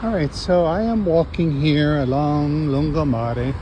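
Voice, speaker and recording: A man's voice: fairly high pitch, unhurried, dull audio. A man vlogging casually while walking outdoors along a city promenade, thinking aloud as he goes. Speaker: travel vlogger. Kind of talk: casual walking travel vlog. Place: outdoors on a city seaside street. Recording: outdoor street noise and traffic.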